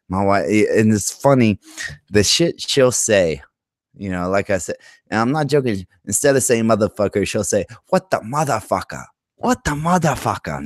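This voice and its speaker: Dude on a livestream, slow drawl, lots of swearing, dry sound. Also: male voice, fairly low pitch, no echo. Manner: crude, swearing, laughing often. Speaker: livestream host. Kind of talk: casual livestream chat.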